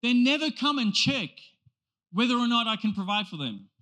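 A male pastor preaches a sermon emphatically in a high, bright, forceful voice with big pitch swings and a moderate pace. He builds his points through rhetorical questions and repeated phrases.

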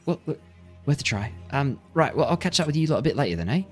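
A man voicing a breezy, cheeky rogue who talks lightly and quickly. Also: on the high side, sing-song, faint music behind, voice pushed up.

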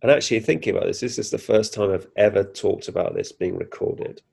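A man's voice: on the low side, a little fast, vocal fry, darkish tone, husky. A man, a podcast guest animatedly retelling a personal experience, acting out his own reactions with frequent restarts. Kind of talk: casual first-person storytelling.

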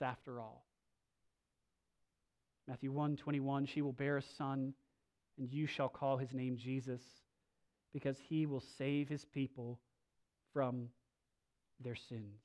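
A male pastor preaching a sermon, moving between loud, slow emphasis and soft, low asides, with casual restarts. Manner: conversational, with filler restarts.

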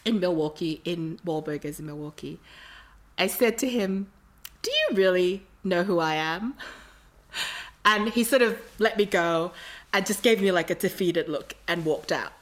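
A woman's voice: on the low side, normal speed. A woman from Australia, telling a long rambling story in casual chat with lots of fillers.

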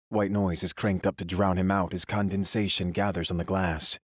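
A man narrating a first-person story from a script in a steady, grim, measured way. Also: low voice, slightly rough, no room sound, studio quality.

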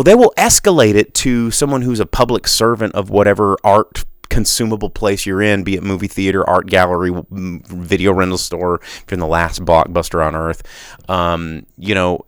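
A man's voice: deep voice, expressive, normal speed, clean tone, no echo, studio quality. A man hosting a solo podcast monologue, rambling passionately with many restarts and tangents. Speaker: podcast host.

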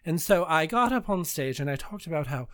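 A woman in her thirties hosting a casual podcast chat, telling stories in an animated way with frequent laughs and sudden high squeals. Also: a little fast. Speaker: podcast host.

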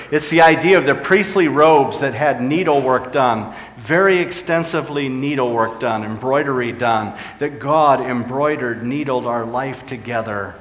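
A man's voice: medium pitch, measured pace, fairly bright tone. A man preaching a sermon as pastor, his voice rising and dropping for emphasis. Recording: echoey church hall.

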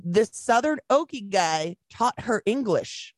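With a mid-range voice and a slow delivery, a woman co-hosting a podcast chats casually, bringing her stories to life by acting out quotes and cursing freely. The recording is studio quality with no room sound.

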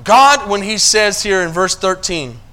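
Preacher, male, high bright voice, shifts from hushed asides to loud emphasis. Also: expressive, unhurried. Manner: preaching, asks the congregation if they follow; swings between quiet low asides and loud emphatic passages. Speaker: pastor. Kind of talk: sermon.

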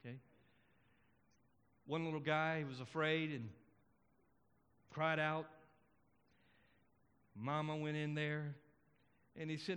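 A man's voice: on the high side, flat delivery, takes it slowly, pauses often, fairly bright tone, smooth. A male pastor preaching a sermon, telling stories earnestly and building to emphatic declarations. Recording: long hall reverb.

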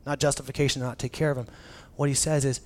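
A man preaching a conversational sermon as a pastor, casual and animated, often restarting phrases and dropping in filler words. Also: mid-range voice, fast talker.

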